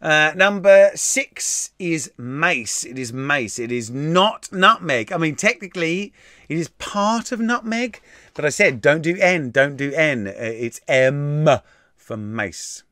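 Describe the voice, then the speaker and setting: Man, live-stream quiz host, casual swearing, slightly high pitch, dry sound. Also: expressive, slow pace, pushed and bright, no room sound. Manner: chatty, swears casually, laughs at himself. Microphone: desk mic.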